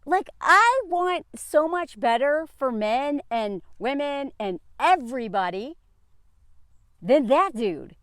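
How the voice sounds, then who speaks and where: A woman's voice: sits high, lively intonation, a little slow, fairly bright tone, no room sound, clean studio sound. A woman giving casual opinion commentary as a vlogger, sarcastic, laughing often and filling her talk with "like".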